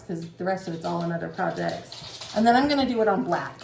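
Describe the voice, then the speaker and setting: A woman's voice: medium pitch, normal speed, vocal fry. Laughing chatty woman in an echoey room. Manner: chatty, laughing, animated storytelling. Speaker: co-host of a stitching show. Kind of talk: casual chat. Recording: echoey room, faint noise.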